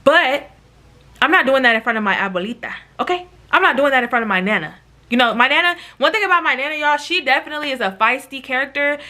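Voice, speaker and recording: A woman telling a dramatic storytime to her viewers, animated and profane, often addressing them as y'all. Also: high-pitched, fast talker. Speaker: YouTube storyteller. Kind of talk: casual storytime.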